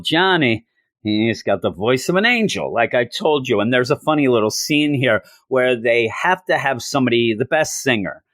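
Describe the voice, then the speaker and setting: A man talks through a comic issue in a relaxed, chatty review. His voice sits at an everyday middle pitch. The sound is dry, with no room behind it. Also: dry recording. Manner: chatty, retells scenes with acted quotes; loose with fillers and restarts. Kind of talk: casual review chat.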